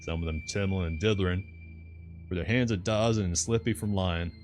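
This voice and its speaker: A man reading aloud brings to life a garrulous old sailor who rants in thick country dialect. The voice sits higher than the reader's own deep tone but keeps its weight. Faint background music plays under the storybook reading. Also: a little fast, darkish tone, natural voice. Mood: ranting. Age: older. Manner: thick rustic dialect, grumbling and scornful.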